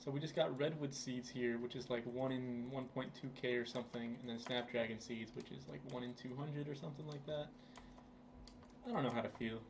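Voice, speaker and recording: A man's voice: mid-range voice, fairly even intonation, fairly quick, noisy background. Laid-back young man rambling over gameplay. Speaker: gaming channel host. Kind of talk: casual gameplay commentary.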